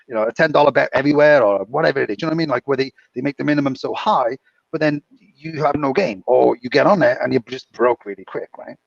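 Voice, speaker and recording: Guy rambling fast, gravelly voice, dull dry muffled mic, chuckles a lot. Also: medium pitch, dry recording. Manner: rambling, chuckling storyteller with filler words. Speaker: podcast co-host, casino dealer. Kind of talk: casual chat.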